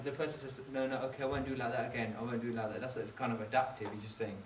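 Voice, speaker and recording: A man's voice: mid-range voice, fairly even intonation, racing, few pauses, a little hiss or hum. A man speaking to a congregation, mixing English with phrases and acting out quoted voices. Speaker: Sikh religious speaker. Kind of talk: talk to a congregation. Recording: roomy hall, from a distance.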